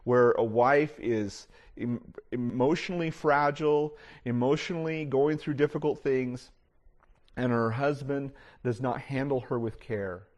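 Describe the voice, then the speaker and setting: A man's voice: medium pitch, a little slow. A middle-aged man preaching a sermon to his congregation. He talks casually, with many "you know" fillers and restarts. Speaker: pastor. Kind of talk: conversational sermon.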